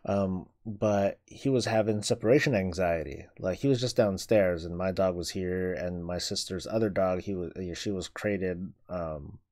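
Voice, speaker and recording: A man hosts a casual live stream, rambling through a long story. He keeps repeating and restarting words and swears freely, in a voice that sits a bit low. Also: moderate pace, few pauses, a little mellow.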